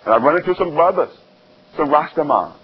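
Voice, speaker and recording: Animated high-voiced male preacher. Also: a little fast, slightly rough, dull audio. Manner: animated storytelling, rising high and loud when excited. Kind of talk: sermon.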